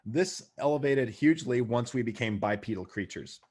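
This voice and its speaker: A man's voice: medium pitch, animated, moderate pace, a little mellow, slightly rough. A man teaching as a paramedic instructor in a recorded lecture, speaking conversationally with dry asides and frequent check-ins.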